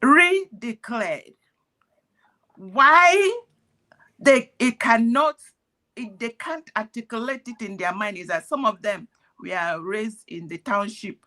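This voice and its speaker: A woman's voice: on the high side, animated, takes it slowly, bright, forceful tone. A woman giving earnest, preachy commentary in parables, sounding pained. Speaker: activist speaking on a call. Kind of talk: impassioned commentary.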